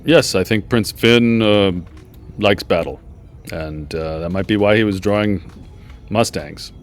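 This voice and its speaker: A man voicing a stern, battle-loving older male temple leader with a halting, clumsy go at a Scottish accent. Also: on the low side, natural voice. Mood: gruff. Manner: gruff, clipped, halting attempt at a Scottish accent. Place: backyard.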